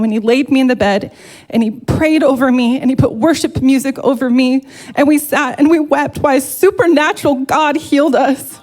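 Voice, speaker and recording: Woman, church testimony, heartfelt, emotional, fairly high voice. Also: a little fast, a little mellow. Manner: emotional, heartfelt, speaks openly and earnestly. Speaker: church member giving a testimony. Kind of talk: personal testimony to a congregation.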